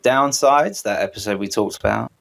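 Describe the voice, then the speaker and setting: A man's voice: on the low side, normal speed, creaky, a bit bright. A man co-hosting a podcast, easygoing and a little hesitant, chatting casually. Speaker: podcast co-host. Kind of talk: casual chat.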